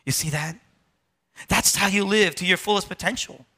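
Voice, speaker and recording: Bright-voiced animated male preacher. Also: high-pitched, normal speed, husky. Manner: animated preaching with rhetorical questions and acted-out complaints. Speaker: pastor. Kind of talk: sermon.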